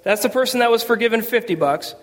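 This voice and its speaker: A man's voice: very high voice, quick pace. A man preaching a sermon to a congregation, conversational and humorous. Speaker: pastor. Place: church sanctuary. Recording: long reverb of a church hall.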